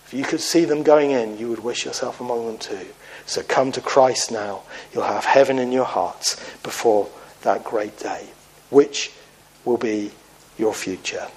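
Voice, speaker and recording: A man's voice: mid-range voice, slightly rough, rough recording. Earnest male preacher delivering a sermon. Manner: earnest, slows and softens on appeals; tells a parable with lifted, animated quoted voices. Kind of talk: evangelistic sermon.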